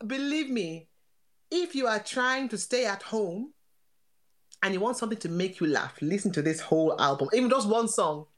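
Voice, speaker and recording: A middle-aged woman chatting as a guest on a comedic podcast, animated and laughing through her talk. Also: mid-range voice, normal speed.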